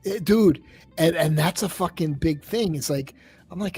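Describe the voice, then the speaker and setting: A man's voice: on the high side, normal speed, breathy edge, faint music behind. A man hosting a livestream in casual chat, rambling and swearing as he tells stories. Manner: profane, rambling, animated storytelling. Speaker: livestream host.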